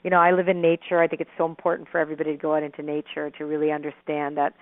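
A host talks in relaxed conversation, backing up the guest with quick affirmations before telling a story of their own. The voice sounds thin and phone-like, with a dry, close quality. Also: mid-range voice, no room sound. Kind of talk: casual conversation. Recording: tinny phone-like line.

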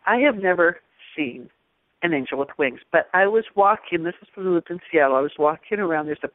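A woman guest telling personal stories in a casual, animated way, often restarting and acting out the quotes. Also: lowish voice, a little fast, dry recording. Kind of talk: casual storytelling conversation. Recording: tinny phone-like line.

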